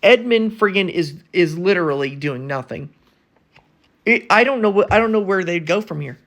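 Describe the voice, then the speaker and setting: A man's voice: sits high, expressive, moderate pace, fairly bright tone. Angry man ranting about his team. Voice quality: stuttering, restarting sentences. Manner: exasperated, blunt, slangy ranting. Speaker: sports vlogger. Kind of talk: casual sports commentary rant.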